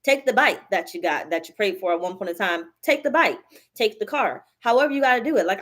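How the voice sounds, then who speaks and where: A woman's voice: medium pitch, animated, fairly quick, fairly bright tone. A woman giving a live tarot reading, blunt and profane, hammering her points by repeating them. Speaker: tarot reader.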